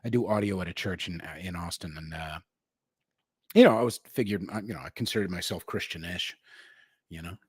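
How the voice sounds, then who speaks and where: A young man hosting a livestream, talking in a profane, slangy, swaggering way and jumping between loud outbursts and low asides. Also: fairly quick, slightly rough, no echo, studio quality. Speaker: livestream host. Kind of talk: unscripted livestream rant.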